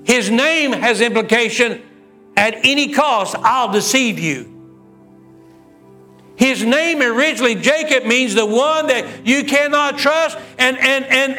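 A man's voice: moderate pace, few pauses, pushed and bright. A man preaching a sermon, acting out the dialogue of the story with swings in his voice. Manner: storytelling preacher who acts out the dialogue with a lot of pitch swings. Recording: faint music behind.

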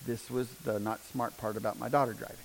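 A middle-aged man telling a personal testimony as a father, his telling raw and intense and swinging from hushed to loud. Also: medium pitch, steady tone, fast, creaky, a little hiss or hum. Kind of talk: emotional personal testimony storytelling.

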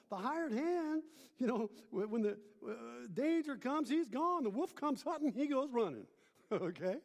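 High-voiced preacher in an echoing hall. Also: male voice. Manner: call-and-response, rising emphatic then hushed. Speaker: pastor. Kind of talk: sermon.

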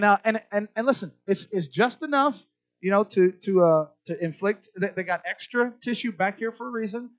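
A man's voice: high voice, no room sound. A middle-aged man preaching a sermon to a church crowd, chatty and conversational, often checking in with his listeners. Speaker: pastor. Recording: dull lo-fi dry sound.

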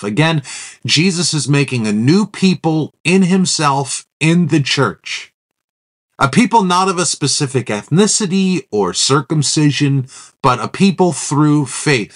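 A middle-aged man, a pastor, teaching a verse-by-verse sermon, thinking aloud with restarts and reading Scripture passages. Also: fairly high pitch.

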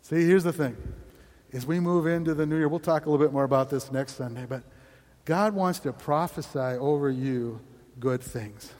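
High, lively male pastor preaching. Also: normal speed, in a large hall. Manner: energetic, exclamatory, laughs often. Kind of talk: sermon.

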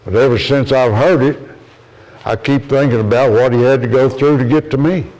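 A man preaches a sermon to a congregation, speaking in an earnest, storytelling manner and rising in pitch whenever he quotes others. His voice is a little mellow, with fairly even intonation and normal speed. The recording is rough.

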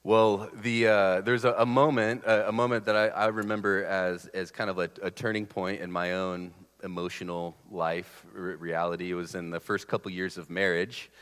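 A man's voice: deep voice, level tone, a bit bright, clear, resonant tone, long reverb tail. A man in his thirties preaching a sermon in a casual, conversational way, often stopping and restarting his sentences. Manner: conversational, halting, with many restarts. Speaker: pastor.

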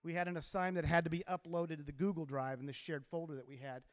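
A man with a notably high voice gives an animated, story-driven motivational talk to a crowd, drawing them in to repeat his lines. His voice rings with a long reverb from a large hall. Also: fast. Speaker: teacher giving a motivational talk. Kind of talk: inspirational talk to a live audience.

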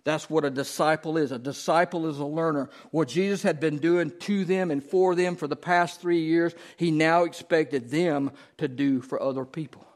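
A pastor preaching a conversational sermon, often turning to ask the congregation questions. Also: male voice, a little high, fairly even intonation, moderate pace, hardly any pauses.

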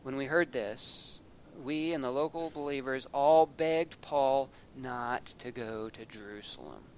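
A man's voice: medium pitch, measured pace, darkish tone, slight background noise. A man preaching a sermon, folksy and storytelling, acting out scenes with a raised voice.

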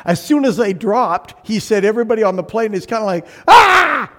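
A man preaching a sermon as pastor, animated, acting out voices and shouting for emphasis. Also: high voice, fast.

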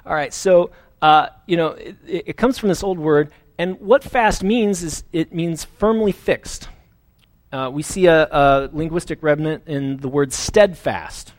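A man preaching a sermon as pastor, earnest and conversational, with fillers and restarts. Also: on the high side.

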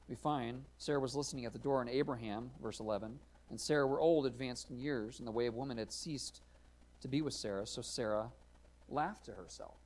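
A man preaching a sermon, earnest and questioning, rising and falling in loudness to stress his points. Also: mid-range voice. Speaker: pastor.

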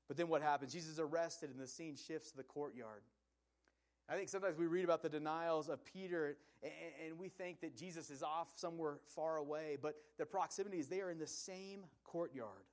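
A male pastor preaching an earnest, conversational sermon full of rhetorical questions. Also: fairly high pitch.

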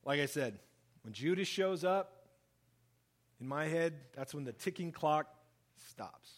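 A man preaching with a slightly raised pitch, reading scripture and commenting on it. He talks in an animated way, dropping low and soft for solemn lines and jumping up when he acts out what people said. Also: unhurried. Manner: animated, acts out quoted speech, lively shifts in pitch and volume. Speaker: pastor. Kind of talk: sermon, Bible reading and commentary.

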